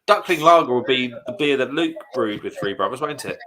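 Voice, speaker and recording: A man's voice: mid-range voice, animated, a little fast, crowd noise, low-quality recording. A man in a casual beer livestream chat, cheeky and joking with his friends.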